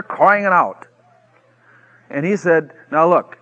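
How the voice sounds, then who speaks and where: A man preaching a sermon, telling a story with lively acted-out quotes that swing from shouts to hushed asides. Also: on the high side, quick pace, slightly rough, muffled recording. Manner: animated storytelling, acts out quotes with shouts and mock whispers.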